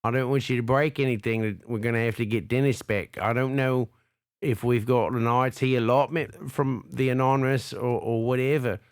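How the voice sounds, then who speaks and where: A man co-hosting an improvised comedy podcast, deadpan and mock-serious. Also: mid-range voice, moderate pace, clear, resonant tone. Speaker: podcast co-host.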